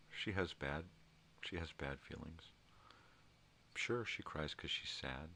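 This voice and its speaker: A very deep, gravelly voice from an older man who rambles through a casual monologue. He swears freely and hammers his points with heartfelt emphasis. Lots of "you know"s fill the gaps. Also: pushed and bright, a little hiss or hum. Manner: emotional, heartfelt. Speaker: vlogger.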